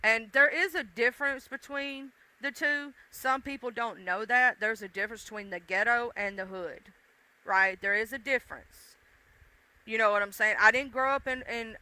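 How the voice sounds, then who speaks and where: A woman with a mixed deep-South accent, rambling casually to her livestream chat, addressing viewers directly and swearing freely. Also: pushed and bright, poor audio. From Southern United States. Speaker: livestream host.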